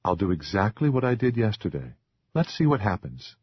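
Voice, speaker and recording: A composed woman speaks in a measured, patient way in an audiobook, voiced by a man. The tone stays low and husky. The recording is dull and dry. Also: no room sound. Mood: firm. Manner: steady, patient, scolding gently. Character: calm firm young woman. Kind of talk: audiobook character voice.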